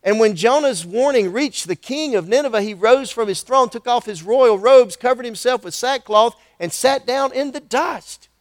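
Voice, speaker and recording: Male preacher with a high, bright voice, animated sermon style, dry close-miked sound. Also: normal speed, few pauses, no room sound. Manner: animated, conversational asides and questions to the congregation.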